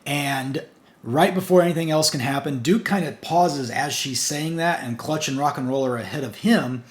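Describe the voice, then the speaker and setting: A man's voice: fairly high pitch, normal speed. Chatty male comic reviewer. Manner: chatty, recounts the plot in long run-on strings with "and" and "basically". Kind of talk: casual plot recap.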